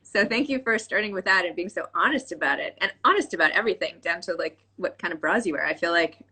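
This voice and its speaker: A woman in her forties interviews a guest over a video call from her desk. She is chatty and effusive, laughing often. Her voice is bright and clear. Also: fairly low pitch, animated, quick pace. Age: 40s. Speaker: podcast host. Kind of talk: casual interview chat. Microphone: home desk setup on a video call.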